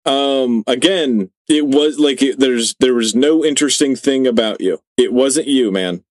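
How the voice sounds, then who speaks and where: A man's voice: medium pitch, unhurried, no room sound. A man co-hosting a podcast in casual chat, swearing a lot and rambling with many fillers. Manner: profane, rambling, heavy fillers. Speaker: podcast co-host.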